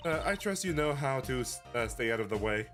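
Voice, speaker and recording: A man's voice: mid-range voice, lively intonation, a little fast, close to an everyday voice. A man voicing a grumpy, sarcastic young woman detective with a dry, irritable manner. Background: game music.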